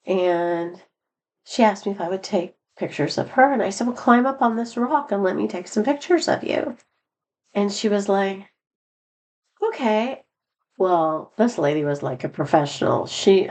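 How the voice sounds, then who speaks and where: A middle-aged woman with a fairly low voice tells a personal story in a loose, chatty vlog style. She rambles, restarts and laughs often, jumping up in pitch when she quotes herself or others. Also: darkish tone. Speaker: vlogger. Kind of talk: casual storytelling.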